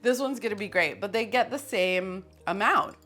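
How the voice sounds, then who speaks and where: A woman's voice: medium pitch, moderate pace, pushed and bright. Chatty, self-mocking woman cooking on camera. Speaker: cooking show host. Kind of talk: casual cooking demonstration. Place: kitchen.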